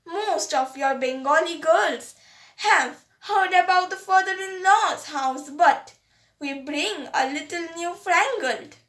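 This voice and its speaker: A woman's voice: extremely high pitch, slow, fairly bright tone, recorded from a distance, heavily acted. A woman voicing a jovial, teasing male Afghan peddler in a storybook reading, in a roomy, echoey recording. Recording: roomy echo.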